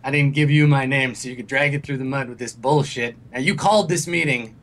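A man's voice: lowish voice, big pitch swings, brisk, sharp tone, full character voice. A man voicing an angry, wealthy old father in a wheelchair who scolds his son in a tabletop game. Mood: scornful. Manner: scornful, scolding, swearing.

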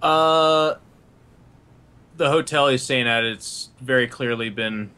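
A man describing his character in a tabletop game, with a bright, forward voice. His delivery is measured and unhurried. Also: mid-range voice, smooth. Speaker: player. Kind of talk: casual tabletop play.

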